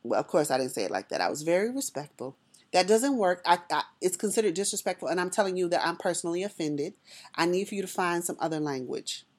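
A woman's voice: fairly low pitch, quick pace. Woman, personal storyteller; conversational, talks straight to the audience. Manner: lively, conversational, addresses listeners directly.

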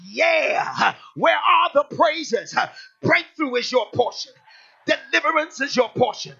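A male pastor preaching with fervor, leading call-and-response and shouting his declarations. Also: very high-pitched, lively intonation, slow pace, vocal fry. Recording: dull lo-fi church recording.

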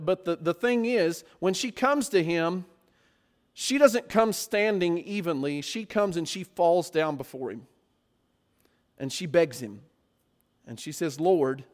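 A man preaching a sermon, often putting rhetorical questions to his listeners. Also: sits high.

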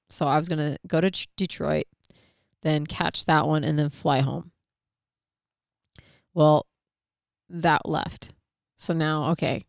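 Woman, middle-aged, casual storyteller. Smooth, lowish voice, dry close recording. Animated, acts out her thoughts, swears freely. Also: no room sound.

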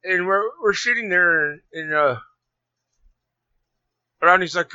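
Bright-voiced man telling a rambling story. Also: high-pitched, measured pace, long pauses, clean tone, no room sound. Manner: rambling, animated, many restarts. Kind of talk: casual storytelling. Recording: dull lo-fi sound.

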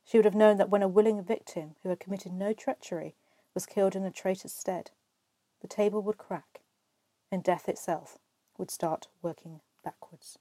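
A woman reading the part of a great, wise male lion who speaks calmly and gravely. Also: mid-range voice, moderate pace, dry recording, close to an everyday voice. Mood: solemn.

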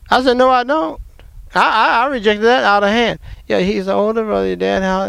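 Man, gravelly, dry close sound, animated family story. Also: high voice, dry recording. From American South. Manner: emotional, animated, laughs often. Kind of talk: personal storytelling.

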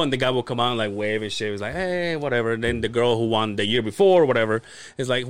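Man, mid-pitched voice, energetic storytelling, casual podcast chat, swears a lot. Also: fairly quick, clean tone, no room sound. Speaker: podcast co-host.

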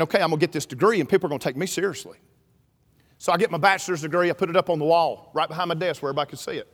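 Middle-aged male preacher, storytelling sermon, very high voice, big hall reverb. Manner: storytelling preacher, builds to shouting. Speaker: pastor. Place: church sanctuary.

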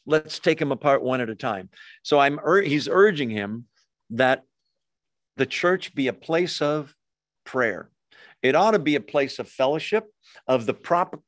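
A man's voice: mid-range voice, a bit bright, no echo, studio quality. A man teaching a Bible study as pastor, in a conversational style, often asking questions and acting out short quoted prayers. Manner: informal, asks questions, acts out quoted prayers.

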